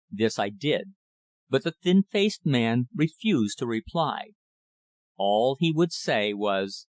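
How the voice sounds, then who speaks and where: A man narrating a first-person audiobook in a measured reading that brings the dialogue to life. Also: mid-range voice, animated, dry recording.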